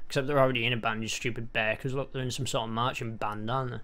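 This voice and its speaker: A man giving sarcastic, sweary let's-play commentary on an old game, with deadpan asides. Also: medium pitch, fairly quick. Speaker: gaming channel host.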